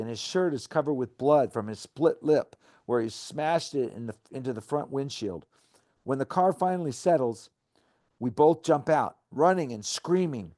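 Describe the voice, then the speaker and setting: A middle-aged man with a mellow, dark voice reads from his own memoir in an earnest storytelling manner. His pitch sits in an ordinary male middle range. He moves from the reading into frank talk about recovery. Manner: earnest storytelling, acting out shouted quotes.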